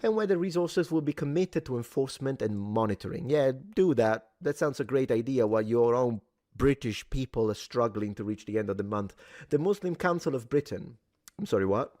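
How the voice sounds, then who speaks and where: A man's voice: medium pitch, expressive, fairly quick, a little mellow, no room sound. A man co-hosting a talk show, reading news passages aloud and adding opinionated, indignant commentary. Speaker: co-host.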